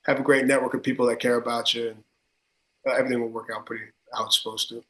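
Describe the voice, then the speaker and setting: A man's voice: medium pitch, fast talker. A man from Connecticut with a tri-state accent, a football coach talking emphatically in a podcast interview, full of fillers. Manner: energetic, emphatic, many filler words. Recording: roomy echo.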